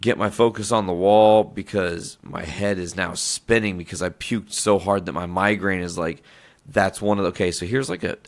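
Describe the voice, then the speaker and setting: A low-voiced man with a gravelly, fry-heavy tone, spinning a casual podcast story. He swears freely and keeps cutting himself off to restart his sentences, so it wanders in a loose, unpolished way. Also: fairly even intonation, normal speed. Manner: rambling, profane, self-interrupting. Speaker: podcast host.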